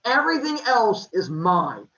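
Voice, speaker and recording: A man's voice: sits high, very animated, unhurried, sharp tone, lo-fi sound, full character voice. A man voicing a boastful, lecherous male king god who talks in a smug, creepily flirtatious way.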